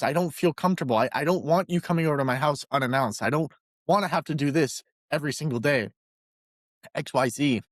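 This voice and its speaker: Lively, animated male podcast co-host. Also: fairly high pitch, no echo, clean studio sound. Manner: animated storyteller, voices characters in jokes. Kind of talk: casual podcast chat.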